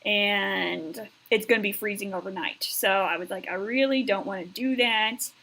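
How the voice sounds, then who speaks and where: A woman's voice: medium pitch, moderate pace, creaky, sharp tone, rough recording. An American woman hosting a live stream, chatting in a heartfelt way with lots of fillers, thanking viewers and reading the chat aloud. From United States.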